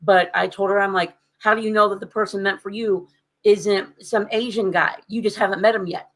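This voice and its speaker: A woman in casual conversation who retells her experiences with animated emphasis, her voice jumping up when she makes a point. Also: medium pitch, brisk, rough recording. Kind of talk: casual chat.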